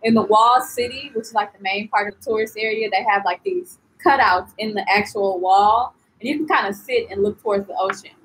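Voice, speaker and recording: A young woman chatting casually in a live-stream travel vlog, animated and full of "like" and "you know", answering viewers as she goes. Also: medium pitch, fairly quick, few pauses, low-quality recording. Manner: reads and answers viewer comments. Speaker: travel vlogger.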